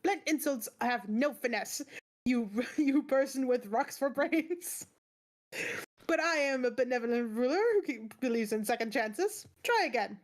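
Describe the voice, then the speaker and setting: A woman's voice: sits high, expressive, measured pace. A woman doing a cheeky self-crowned young king. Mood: playful. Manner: playful, grand, breaks into laughter.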